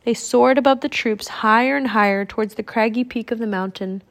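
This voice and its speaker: A woman reading a children's adventure book aloud in a steady storytelling manner. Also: a little high, fairly quick. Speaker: audiobook reader.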